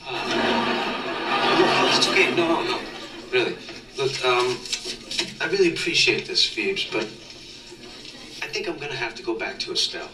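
A man playing a good-natured, not very bright young actor in a sitcom clip, talking in a casual, easygoing way. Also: medium pitch, sing-song, normal speed, pauses often, close to an everyday voice. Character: young male struggling actor, dim but good-natured. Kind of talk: sitcom acting. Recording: roomy distant sitcom soundtrack with background noise.

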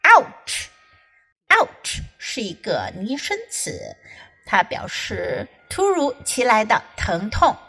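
A woman's voice: a little high, takes it slowly, breathy edge, rough recording. A woman with an American English accent reading a children's story aloud and explaining it like an English teacher. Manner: expressive, lively storyteller.

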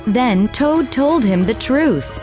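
A woman narrating a children's storybook slowly and clearly, in a deliberate, expressive way. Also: on the high side, over music.

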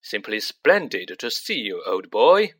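A man's voice: fairly low pitch, very animated, a little slow, husky, heavily acted. A man voicing a cheeky teenage twin boy teasing in mock-formal tones in a storybook reading.

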